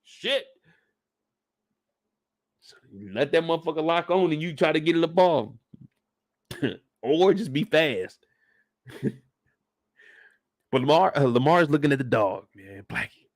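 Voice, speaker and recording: Animated, profane male show recapper. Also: fairly high pitch, unhurried, pauses often, no room sound, clean studio sound. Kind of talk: casual episode breakdown.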